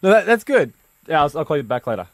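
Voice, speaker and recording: Aussie radio guy, dry and unexcited teasing, bit higher voice, swings in pitch. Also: sing-song, fast. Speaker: radio show co-host. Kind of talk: breakfast radio banter.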